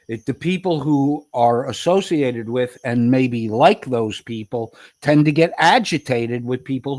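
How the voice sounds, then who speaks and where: A man's voice: mid-range voice, dry recording. Profane, berating man in a heated argument. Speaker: livestream debater.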